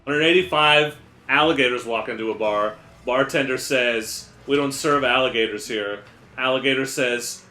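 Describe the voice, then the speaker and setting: A man streaming live and improvising rambling comic stories and pun jokes in a deadpan way. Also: medium pitch, moderate pace, reverberant, faint music behind. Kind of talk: improvised comedy.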